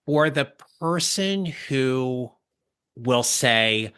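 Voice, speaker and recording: Bright-voiced male podcast host. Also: medium pitch, animated, smooth. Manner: measured, deliberate questioning. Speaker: podcast host and career coach. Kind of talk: podcast interview questions.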